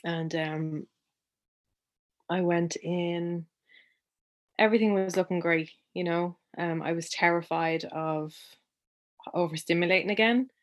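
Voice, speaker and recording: A young woman speaks as a guest, her voice sitting a little on the low side. She tells a personal story in a loose, chatty way. Her talk is full of ums and false starts. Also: fairly even intonation, unhurried, long pauses. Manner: chatty, with many ums and restarts.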